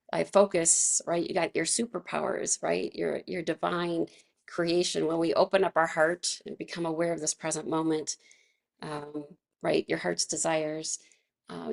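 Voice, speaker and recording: A woman's voice: low-pitched, vocal fry, darkish tone. A woman teaching a casual wellness class, chatty and laughing often, with many fillers and restarts. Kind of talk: casual guided class instruction.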